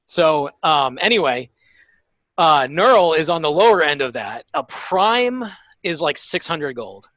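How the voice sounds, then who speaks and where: Bright-voiced man running a tabletop game. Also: fairly high pitch, big pitch swings, unhurried, dry recording. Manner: chatty, lots of ums and laughs. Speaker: game master. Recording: dull lo-fi sound.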